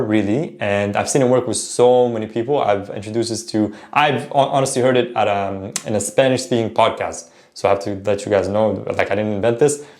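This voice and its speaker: A man's voice: medium pitch, a little mellow. Casual man teaching pronunciation. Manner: repeats words slowly to model pronunciation; self-correcting, informal. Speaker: language teacher. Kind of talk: casual spoken lesson.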